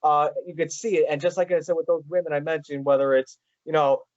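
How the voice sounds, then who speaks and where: Halting fan host, fairly high voice. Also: male voice, steady tone, darkish tone, dry recording, lo-fi sound. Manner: halting, many "like" fillers and restarts. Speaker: podcast host. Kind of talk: casual interview chat.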